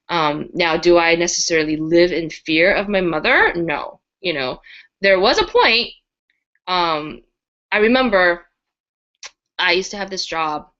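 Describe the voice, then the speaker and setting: Woman co-hosting a chat show, bright voice, lots of ums, muffled audio. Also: lowish voice. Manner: personal, hesitant, many fillers. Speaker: co-host. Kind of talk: casual talk-show chat. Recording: dull lo-fi audio.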